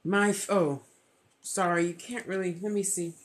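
A woman's voice: fairly low pitch, fairly even intonation. A woman vlogger in casual, gushing chat while opening a gift box. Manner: gushing, thankful, talks slowly.

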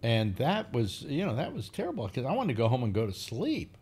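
A man's voice: medium pitch, brisk, slightly rough. An older man, the show's host, chatting casually and telling rambling stories with lots of fillers. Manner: rambling, animated storytelling with many fillers. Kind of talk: casual chat.

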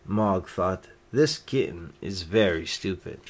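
A man reading a children's picture book aloud, gently lifting his voice for each character's lines. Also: on the low side, animated, slow, pauses often. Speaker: storyteller.

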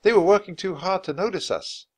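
A man voicing a spirited young girl in a storybook read-aloud, with a high, childlike pitch. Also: a little fast, husky. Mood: pleading.

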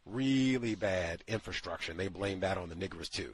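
A man's voice: lowish voice, very animated, a little fast, a bit bright, slightly rough. A man hosting a call-in talk show, speaking in an emphatic, incredulous monologue. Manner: emphatic, incredulous, acts out quotes. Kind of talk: opinionated radio monologue.

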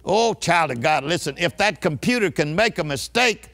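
A man's voice: on the high side, lively intonation, normal speed, fairly bright tone. An older man preaching with a fervent, rousing delivery and a slightly raised voice. He stresses his points and keeps calling on the listeners to repeat after him. His style is that of a church sermon. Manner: emphatic call-and-response preaching.

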